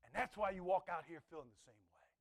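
A male pastor preaching a sermon, animated, swinging between loud exclamations and hushed asides. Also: sits high, fast.

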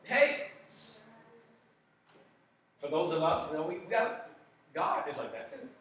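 Brief: male pastor, emphatic and playful, bright voice, recorded from afar in a reverberant hall. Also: a little high, brisk. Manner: animated, jokey, emphatic with sudden loud bursts. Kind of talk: sermon. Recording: echoey hall, distant mic.

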